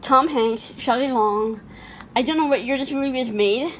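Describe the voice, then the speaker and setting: A woman's voice: high-pitched, moderate pace, a little hiss or hum. A woman chatting casually about her favorite movies, laughing often and restarting her sentences. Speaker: vlogger.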